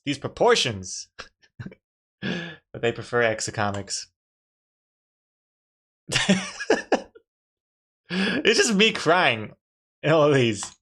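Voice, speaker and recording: A man's voice: a little high, pushed and bright. A male streamer giving chatty live-stream commentary on a drawing game, reacting with frequent laughs.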